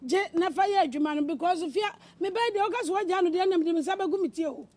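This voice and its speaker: A woman with a Ghanaian accent playing a mother who calmly urges patience in a comedy skit. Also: very high-pitched, fast talker. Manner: soothing, urging patience. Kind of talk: comedy skit dialogue, mostly in Twi.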